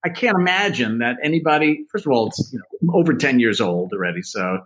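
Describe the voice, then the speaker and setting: A middle-aged man in a relaxed interview, telling rambling stories with self-mocking asides. His pitch sits in a plain middle range, and he jumps between quick bursts and slow, drawn-out phrases. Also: a little hiss or hum, poor audio. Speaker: actor guest. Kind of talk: casual interview chat.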